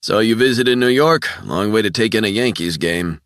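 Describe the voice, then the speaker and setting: A man's voice: fairly low pitch, normal speed, fairly bright tone, no echo, studio quality, voice pushed up. A man putting on a heated burly ex-cop. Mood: worked up. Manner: profane, heated, raised voice. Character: burly red-faced ex-cop man, emotional, angry.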